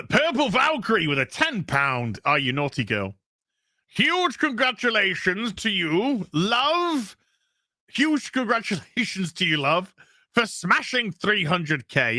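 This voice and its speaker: A man's voice: on the high side, pushed and bright, dry recording, studio quality. A man hosting a casual live stream, reading out donations and thanking viewers in a loose, crude, jokey way.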